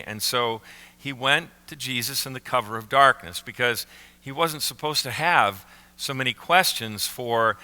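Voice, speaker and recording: A male pastor preaching from the front of a church, his tone bright and sharp and his voice smooth and clear. He slows to stress key words and phrases. The sound carries a long reverb from the sanctuary around him. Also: mid-range voice. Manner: slow emphatic phrasing with pauses on key words. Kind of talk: sermon.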